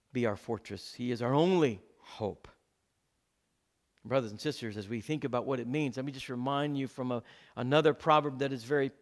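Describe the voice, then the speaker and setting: A male pastor delivers a sermon in a slightly high voice. He presses his points with fervent exhortation, then drops to hushed, low lines, and he repeats each point slowly so his listeners can take notes. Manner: emphatic, repeats key points slowly for note-taking.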